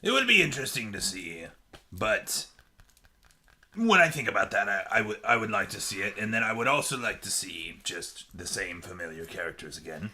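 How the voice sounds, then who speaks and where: A man's voice: lowish voice, animated, normal speed, bright, forceful tone. A man playing a jovial, bloodthirsty pirate captain on a chat podcast, dropping "aye" and "yar" into casual talk. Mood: chatty. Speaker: podcast co-host.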